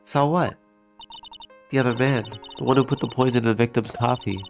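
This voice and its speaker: A man's voice: medium pitch, fairly even intonation, brisk, faint music behind, pitched above the performer's own voice, natural voice. A man voicing a cheerful, unlucky young waitress while reading game dialogue aloud, in a plain voice with only a light attempt at a girl voice. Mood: earnest. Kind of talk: let's play dialogue reading.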